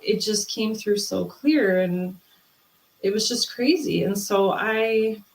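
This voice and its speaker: Woman guest, lively storyteller, echoey room, mid pitch. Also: slow pace. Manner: animated storyteller, acts out quoted voices. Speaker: interview guest, spiritual medium. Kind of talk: storytelling in a casual interview.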